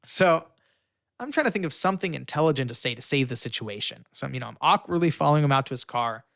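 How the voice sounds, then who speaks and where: A young man telling a story with lively energy, filling it with fillers and acting out the voices of the people in it. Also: mid-range voice, fast, vocal fry, no room sound, studio quality. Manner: acts out quoted voices, shouting and pleading; frequent fillers. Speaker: guest storyteller. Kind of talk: animated storytelling.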